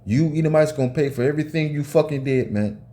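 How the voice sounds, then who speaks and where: A preacher gives an informal sermon, reading scripture aloud and ranting between passages. He swears often, tags his phrases with "man," and rereads and corrects himself, speaking fast in a mellow, higher-pitched voice.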